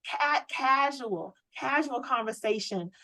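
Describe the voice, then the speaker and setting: A woman running a sales training on a video call, coaching with lively, preachy energy and lots of rhetorical questions. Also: sits high, slow pace, no echo, poor audio. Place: home office.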